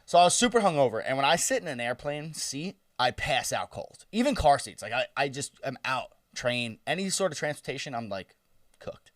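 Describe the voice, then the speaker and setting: A man's voice: mid-range voice, sing-song, fairly quick, a bit bright, dry recording, clean studio sound, distant mic. A young man in his twenties, co-hosting a podcast, telling a story in a loose, profane, laughing way. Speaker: podcast co-host. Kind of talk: casual storytelling chat.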